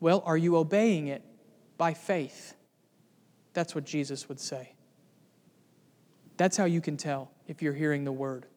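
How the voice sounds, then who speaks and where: A man's voice: a little high, unhurried, pauses often, darkish tone, big-room sound. A man preaching a sermon as pastor, earnest and building to emphatic lists of words.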